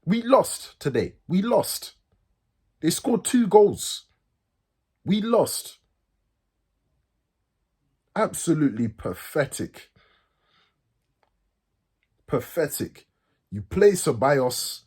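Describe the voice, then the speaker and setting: Man, angry football rant, swearing, repetitive, husky, animated pitch. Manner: furious, swearing, repeats himself; pitch swings from loud highs to low mutters. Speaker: football fan channel host.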